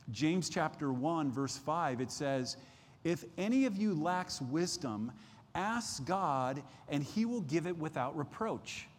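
A man preaching a midweek sermon, reading scripture aloud and slowing down earnestly to stress key words. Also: mid-range voice, in a large hall. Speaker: pastor.

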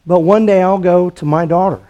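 A man preaching a sermon as pastor, in a measured way with rhetorical questions to the congregation. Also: high-pitched, fairly even intonation, lo-fi sound.

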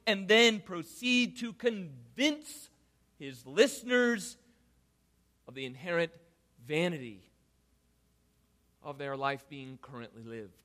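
A man delivering a sermon in a high, bright, forceful voice. He swings between ringing emphasis and hushed, dropped-off endings. He stacks his points in rhythmic repeated phrases. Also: animated, takes it slowly, pauses often. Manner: dynamic, swinging from loud emphasis to quiet, low asides; rhetorical, builds lists of repeated phrases. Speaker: pastor.

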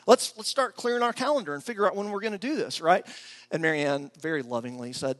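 Animated man preaching a sermon. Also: on the high side. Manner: animated storytelling, acts out his own excited voice; prays softly and slowly. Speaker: pastor.

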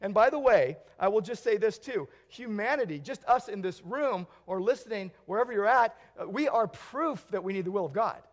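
A man preaching a sermon in a church, earnest, swinging between emphatic declarations and hushed, quiet stretches. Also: sits high, expressive, brisk, few pauses. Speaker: pastor.

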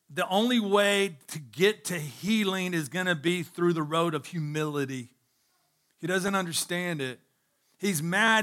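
A man's voice: high voice, bright, forceful tone. A man preaching a sermon to his congregation as pastor, speaking emphatically, repeating phrases for stress, and addressing listeners directly.

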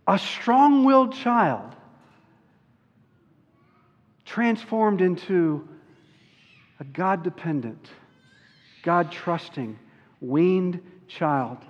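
Pastor type, man with a high voice, earnest sermon delivery, dull recording with a long hall echo. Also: animated. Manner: earnest, slows down on key words.

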